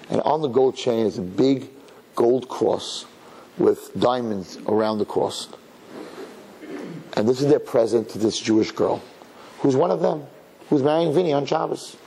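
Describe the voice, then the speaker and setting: A man giving a sermon as a rabbi, telling a story in an animated, dramatic, conversational way. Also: medium pitch, gravelly, a little hiss or hum, low-quality recording.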